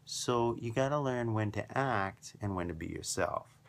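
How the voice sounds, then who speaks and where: A man's voice: mid-range voice, a little slow. A man hosting a scripted podcast lesson, upbeat and emphatic, building his points through repetition. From foreigner living in Japan. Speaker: English teacher and podcast host.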